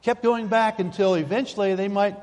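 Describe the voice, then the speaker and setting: A man's voice: high-pitched, fairly even intonation, fairly quick, a little mellow. A man preaching a sermon in a folksy, emphatic way, repeating his key phrases, in a church sanctuary. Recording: long hall reverb.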